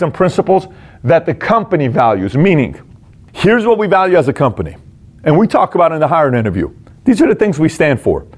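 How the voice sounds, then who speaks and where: A man's voice: on the high side, a little mellow. A man who leads a company, giving a motivational business talk in a direct, punchy way, full of rhetorical questions. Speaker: business leader teaching management.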